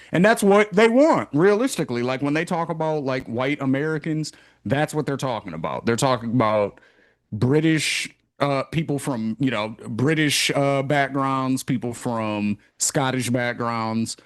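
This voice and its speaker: Profane, animated man on a podcast. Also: mid-range voice, moderate pace, no room sound, clean studio sound. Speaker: podcast host. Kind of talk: casual podcast chat.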